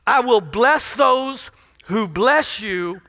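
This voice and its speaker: A man from Louisiana preaching to a congregation in a joking, emphatic way, his voice pitched very high for a man and bright. The sermon rings out with a long reverb in a big church hall. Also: animated, extremely slow. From Louisiana, USA. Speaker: pastor. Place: large church in front of a congregation.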